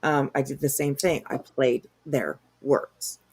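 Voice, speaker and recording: A woman's voice: extremely low pitch, steady tone, slow, a little mellow, breathy edge. A woman hosting a live stream, chatting casually and greeting viewers. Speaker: stream host.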